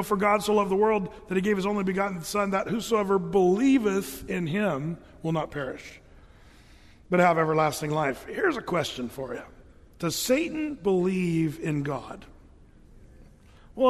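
High-voiced pastor in a reverberant hall. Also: male voice. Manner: casual and joking, with playful asides and restarts. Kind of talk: sermon.

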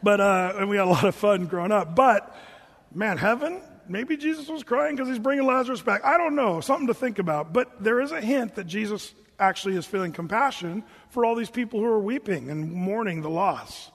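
A man preaching a sermon in a relaxed, conversational way, reading scripture and adding joking asides. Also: high voice, fairly quick, in a large hall.

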